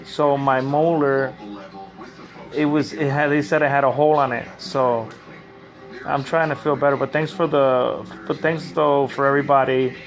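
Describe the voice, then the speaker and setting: Middle-aged man, gravelly, live-streaming from bed in pain after oral surgery, stumbling and repeating himself. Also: medium pitch, flat delivery, faint music behind. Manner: rambling, halting, repeats words. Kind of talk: casual live-stream chat. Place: lying in bed at home. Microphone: phone camera.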